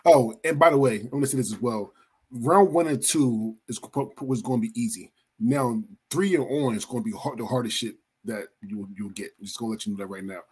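Husky, animated male podcast host. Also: medium pitch, brisk. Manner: animated, swearing, laughing often. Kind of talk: casual podcast chat.

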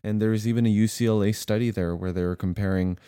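A man speaks in a deep, warm register, his tone mellow rather than bright. He talks through personal stories in a reflective, measured way, like a co-host in casual conversation. The recording is dry and close, with no room sound. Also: steady tone, clean tone, dry recording.

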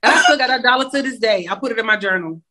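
A woman's voice: fairly high pitch, rapid-fire, bright, forceful tone. A young woman singer, a guest in a casual interview, chatty and laughing, with preachy asides.

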